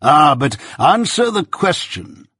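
A man doing a stern, slow-spoken lawyer. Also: a little high, big pitch swings, pushed and bright, breathy edge, no echo, clean studio sound, voice pushed up, full character voice. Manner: slow, emphatic cross-examining delivery. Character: stern, deliberate middle-aged male lawyer.

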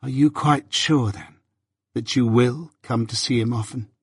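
A man reading an audiobook, voicing a gentle, timid young village woman who speaks softly and pleads. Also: mid-range voice, fairly even intonation, unhurried, husky, no echo, studio quality. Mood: pleading. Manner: soft, pleading.

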